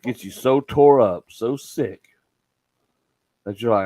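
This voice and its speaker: A middle-aged man, hosting a casual chat and telling stories in an animated way, swearing freely. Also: medium pitch, takes it slowly, no echo, low-quality recording. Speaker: podcast host.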